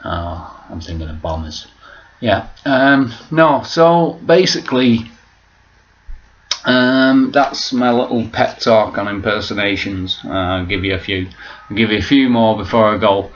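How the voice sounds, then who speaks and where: A man's voice: lowish voice, measured pace. A man talking to camera in a casual, rambling vlog, swearing freely as he goes. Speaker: vlogger. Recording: dull lo-fi recording.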